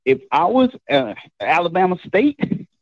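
Lively caller on a dull phone line. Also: male voice, sits high, measured pace, no echo. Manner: hesitant, full of fillers, laughing at first. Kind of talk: phone-in commentary.

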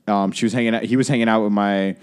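Young guy, podcast co-host, lower voice, loose casual storyteller who swears and rambles with fillers. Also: steady tone, fast talker, clean tone. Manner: rambling, profane, lots of fillers and "like".

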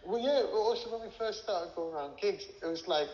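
A man's voice: sits high, animated, fairly quick, hardly any pauses, darkish tone. Rambling man in an echoey room. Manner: rambling, frequent swearing and filler words. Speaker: interview guest, former music manager. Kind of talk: casual storytelling. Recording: echoey room with long reverb, dull lo-fi sound.

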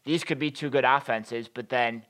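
Smooth-voiced man chatting about football. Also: medium pitch, normal speed. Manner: relaxed, rambling, filler-heavy. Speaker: podcast co-host. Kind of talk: casual sports chat.

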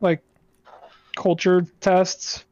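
A man's voice: high voice, little pitch movement, very slow, a little mellow, dry recording, lo-fi sound. A man chatting casually on a podcast, easygoing. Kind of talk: casual chat.

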